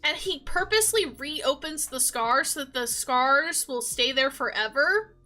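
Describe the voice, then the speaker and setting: Lively and emotional, this young video creator laughs easily as she talks casually through a story in her bright, high voice. Soft music plays faintly behind her.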